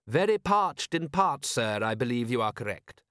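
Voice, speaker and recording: A man's voice: medium pitch, big pitch swings, moderate pace, fairly bright tone, no room sound, studio quality. A man voicing a proper, deferential male butler in an audiobook. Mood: earnest deferential. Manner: formal, deferential, clipped. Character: prim loyal male butler, earnest and proper.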